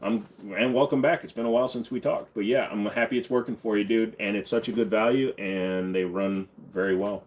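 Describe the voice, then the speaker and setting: Answering chat on his live stream, a man stays blunt, offhand and casual, humming and singing bits between questions. He talks fairly quickly with few pauses, in a lowish, darkish voice.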